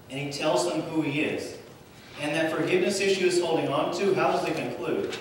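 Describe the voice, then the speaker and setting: A male pastor preaching a sermon, with dramatic pauses and swells and drops in volume. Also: a little high, steady tone, slight background noise. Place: church sanctuary. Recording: echoey church hall from far off, faint ambience.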